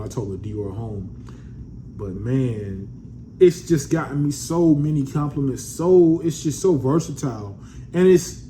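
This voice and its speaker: A man's voice: mid-range voice, mellow, a little hiss or hum. A man in a casual vlog reviewing a fragrance, laid-back and slangy, calling his viewers family.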